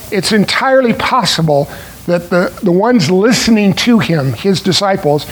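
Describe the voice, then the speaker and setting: Slow, high-voiced male preacher. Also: low-quality recording. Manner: deliberate, explanatory, with pauses. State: clearing his throat. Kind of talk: sermon.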